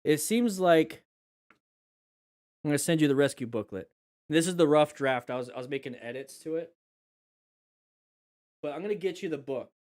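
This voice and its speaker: A man's voice: fairly high pitch, lively intonation, moderate pace, pauses often, a little mellow, no room sound, studio quality. A man hosting a casual live stream, chatty and joking as he explains first aid. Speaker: live-stream host reviewing crash videos.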